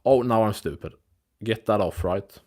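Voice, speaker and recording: A man's voice: fairly low pitch, moderate pace, darkish tone. A man hosting a live MMA news stream, talking casually in a loose, rambling, profane way. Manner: rambling, loose and profane, with frequent restarts and fillers.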